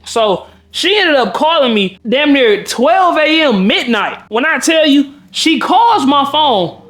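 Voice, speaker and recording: A man's voice: very high-pitched, big pitch swings, slow, a bit bright. A man from Milwaukee, a dating coach, telling a story in casual, profane speech and acting out the quotes. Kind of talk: storytelling vlog.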